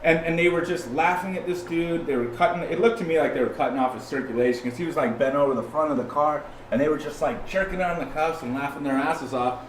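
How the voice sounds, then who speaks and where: A man from California, a podcast guest, telling a story in a casual, animated way, often restarting and acting out the people he quotes. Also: a little high, fast talker, hardly any pauses, slight background noise. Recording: roomy sound from a distant mic, faint ambience.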